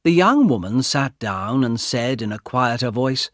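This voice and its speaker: A male narrator reads an easy storybook slowly and clearly. His pitch moves a lot, keeping the story lively. The sound is dry and close to the mic. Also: dry recording. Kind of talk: audiobook narration of a graded reader.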